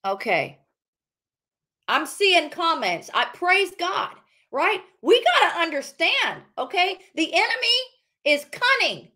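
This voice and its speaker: A woman preaching on a livestream with a high, bright voice. She talks fervently, repeating phrases as she decrees over her listeners. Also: sing-song, takes it slowly. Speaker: prophetic minister.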